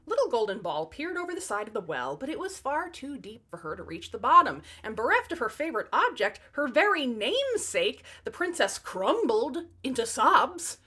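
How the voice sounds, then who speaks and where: A woman narrates fairy tales comically and breaks off for sarcastic asides to her listeners. Her fairly high voice swings widely in pitch and has a slightly husky edge. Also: sing-song, moderate pace, few pauses, sharp tone. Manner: sarcastic, wry asides to the audience. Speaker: storyteller.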